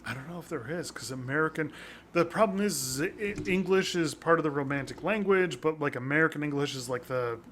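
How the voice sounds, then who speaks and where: A man's voice: fairly high pitch, a little fast, a bit bright, a little hiss or hum. A man co-hosting a podcast, chatting casually and rambling, with some swearing. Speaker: podcast co-host. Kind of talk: casual chat.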